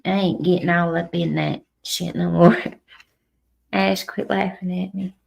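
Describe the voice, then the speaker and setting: A woman's voice: fairly low pitch, fairly even intonation, gravelly, a little mellow. A middle-aged woman chatting frankly with viewers on a livestream, often restarting her sentences. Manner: frank, cusses freely, halting restarts. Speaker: livestream host. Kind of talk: casual livestream chat with viewers.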